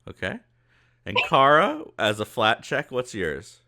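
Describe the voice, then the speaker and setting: Brief: unhurried male game master narrating a tabletop game casually. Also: mid-range voice, huge pitch swings, gravelly, pushed and bright. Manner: loose, conversational, many fillers.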